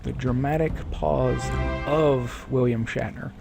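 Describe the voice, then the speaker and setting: A man's voice: medium pitch, fairly even intonation, takes it slowly, vocal fry, music in the background. Rambling male streamer with a sore throat. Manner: rambling, self-correcting, reads chat aloud. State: sore throat, clearing it often. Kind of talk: casual live-stream chat.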